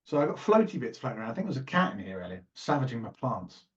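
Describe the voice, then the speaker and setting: A man's voice: mid-range voice, big pitch swings, racing, highs cut off. Man co-hosting, playful and rambling. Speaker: podcast co-host. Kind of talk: casual chat.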